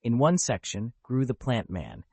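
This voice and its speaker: A man voicing a proud pirate prince in an audiobook, calm and dignified with a faint ironic edge. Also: medium pitch, a little slow, slightly rough, no echo, full character voice. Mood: explaining. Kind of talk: audiobook character voice.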